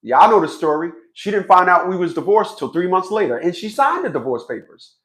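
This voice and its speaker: A man's voice: sits high, big pitch swings, a little fast, a bit bright. A man in his fifties giving a blunt, profane vlog monologue, stammering through repeated restarts. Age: 50s. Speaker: fathers' rights commentator.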